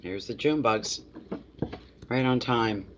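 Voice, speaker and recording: A man's voice: mid-range voice, slow pace, highs cut off, very noisy. Man doing a live tarot reading. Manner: repeats phrases, speaks directly to viewers by name. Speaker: tarot reader.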